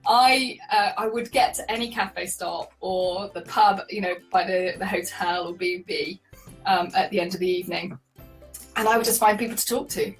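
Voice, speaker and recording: A chatty woman shares her stories as an interview guest, lively and quick to laugh. She sits a little back from the mic, and faint music plays underneath. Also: medium pitch, far from the mic, rough recording. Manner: chatty, animated, laughs often. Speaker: guest, solo cyclist. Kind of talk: conversational interview storytelling.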